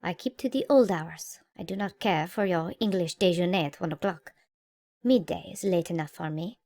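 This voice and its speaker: A woman's voice: lowish voice, warm tone, no room sound, clean studio sound. Woman voicing a stern old admiral. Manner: brisk and commanding. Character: stern, proud old male naval admiral. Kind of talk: audiobook character voice.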